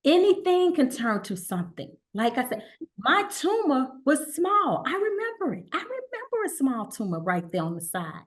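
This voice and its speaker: A middle-aged woman guest telling her story in a relaxed conversational way, acting out the voices of the people she quotes. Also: sits high, moderate pace. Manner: animated, acts out quoted dialogue.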